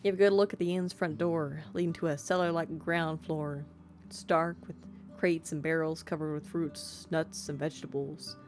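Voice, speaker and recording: A woman's voice: sits low, steady tone, normal speed, darkish tone, soft background music. A woman streamer playing a story game, reading the text aloud and chatting in a casual, self-deprecating, giggly way. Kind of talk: casual let's-play commentary and narration.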